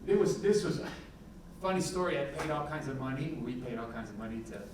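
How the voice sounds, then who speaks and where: A middle-aged man, a police chief, giving a candid, animated talk full of anecdotes in a university event hall. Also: medium pitch, fairly quick, noisy background. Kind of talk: public talk with war stories. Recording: echoey hall from a distant mic.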